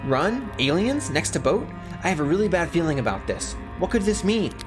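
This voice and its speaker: A streamer voicing a panicky teenage girl from a visual novel, frantic and raised in pitch. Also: big pitch swings, moderate pace, lightly acted. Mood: bewildered. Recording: music playing behind.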